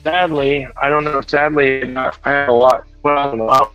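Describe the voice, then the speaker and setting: A man's voice: medium pitch, steady tone, measured pace, a bit bright, highs cut off, soft background music. A man chatting casually while shopping in a big store, rambling and correcting himself as he talks. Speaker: truck driver streamer. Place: large store.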